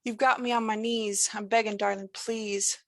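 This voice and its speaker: A woman's voice: medium pitch, level tone, normal speed, dry recording, close to an everyday voice. A woman voicing a creepy lilting male entity. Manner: lilting, sing-song, rambling in song lyrics. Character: menacing supernatural male stranger, folksy drawl.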